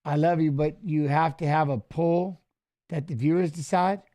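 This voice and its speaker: A middle-aged former fighter hosting a casual live stream, rambling through stories and swearing freely. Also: male voice, fairly high pitch, steady tone, normal speed, warm tone. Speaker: show host and former fighter.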